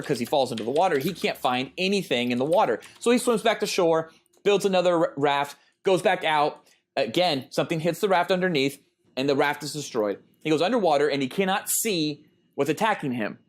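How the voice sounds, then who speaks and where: A man in his thirties with a fairly high voice chats on a podcast. He tells a long story in a loose, rambling way, full of ums and uhs. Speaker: podcast co-host. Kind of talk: casual podcast chat.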